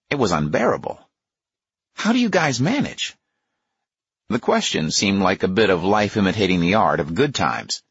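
Husky low-voiced male narrator. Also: no echo, highs cut off. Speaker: audiobook narrator. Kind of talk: nonfiction audiobook narration.

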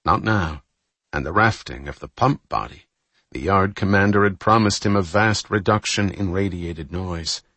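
A man narrating a novel in a steady, even storytelling manner. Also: low-pitched, moderate pace, breathy edge, no room sound. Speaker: audiobook narrator. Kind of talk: scripted narration.

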